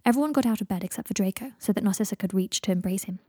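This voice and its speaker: A woman narrating a fan fiction audiobook in a steady, measured reading voice. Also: mid-range voice, breathy edge, no room sound, clean studio sound.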